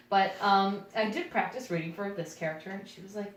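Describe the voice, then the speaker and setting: A young adult woman, a podcast co-host and actress, telling a casual story in a self-deprecating, animated way and laughing often. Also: fairly low pitch, a little fast. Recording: echoey room, voice far from mic, faint noise.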